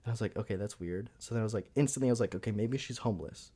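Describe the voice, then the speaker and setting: A young man tells a story in a loose podcast chat. He leans on filler words and acts out the people he quotes with sudden loud bursts. His voice sits at an ordinary middle pitch. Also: very fast, breathy edge. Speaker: podcast co-host.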